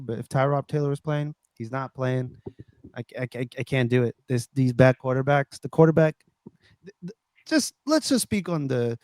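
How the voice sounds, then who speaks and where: A man's voice: medium pitch, darkish tone, no echo. Dry-voiced ranting man. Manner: ranting, swears, stumbles and restarts. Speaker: podcast co-host. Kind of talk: casual sports chat.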